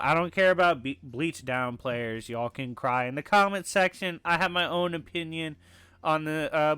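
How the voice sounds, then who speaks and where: A man narrating a scripted argument in a brisk, matter-of-fact way, his voice a little raspy today, with filler ums. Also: on the high side, bright, forceful tone, dry recording. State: slightly raspy voice. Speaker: video essay narrator.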